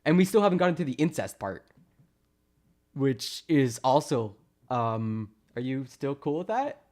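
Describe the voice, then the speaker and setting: A man's voice: medium pitch, sing-song, measured pace, darkish tone. A man from Canada ranting sarcastically on a live stream, mocking chat with laughs and put-on voices. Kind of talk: casual live-stream rant.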